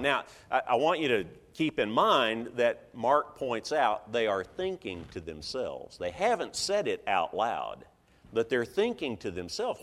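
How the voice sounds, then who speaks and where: Male preacher, very expressive storyteller, echoing church hall sound. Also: medium pitch, measured pace. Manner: animated storytelling, acting out voices of listeners. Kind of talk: sermon.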